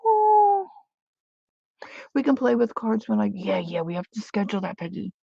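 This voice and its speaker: A woman's voice: medium pitch, fast talker, vocal fry, mellow, slightly rough, dry recording, highs cut off. A woman hosting a live crafting stream, chatting casually and thinking aloud while she works, with playful sound-words. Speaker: crafting livestream host.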